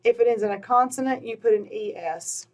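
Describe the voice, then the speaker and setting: A woman, teaching a recorded Spanish grammar lesson, patiently repeating words slowly with "all right" and "um" between points. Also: a little high.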